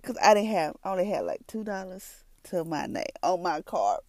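Tearful at moments, a warm woman with three children shares her personal testimony in a low-leaning, very animated voice at normal speed with few pauses. She rambles and repeats, speaking to listeners as "y'all," with no echo.

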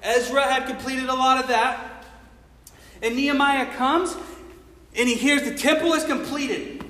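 A man's voice: very high-pitched, a bit bright. A man preaching a sermon in a church, telling the story casually and with slang, acting out what people say. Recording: echoey hall with long reverb.

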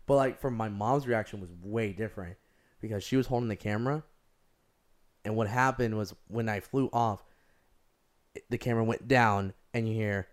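A young man with a lowish voice, chatting casually and rambling through his stories. He leans on "like" constantly and gets animated in the telling. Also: normal speed. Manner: rambling, heavy use of "like", animated storytelling. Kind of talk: casual chat.

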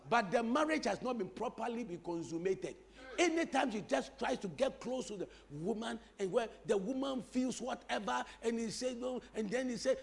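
A man's voice: very high-pitched, brisk, vocal fry. A male pastor preaching a sermon, repeating phrases and teasing the congregation with humor. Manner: animated preaching with repetition and crowd-teasing humor.

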